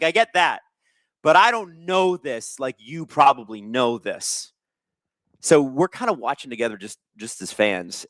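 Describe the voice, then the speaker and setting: A young man hosts a live watch-along stream, chatting casually, reading viewer comments aloud and joking about them. His voice is medium-pitched and fairly bright, and the recording is dry.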